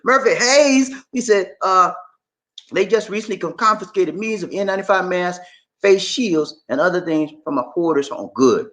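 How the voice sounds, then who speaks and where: A man hosting a casual livestream, greeting viewers and reading their comments aloud in an emphatic, chatty way. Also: high voice. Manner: animated, emphatic, chatty, repeats phrases. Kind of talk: casual live chat.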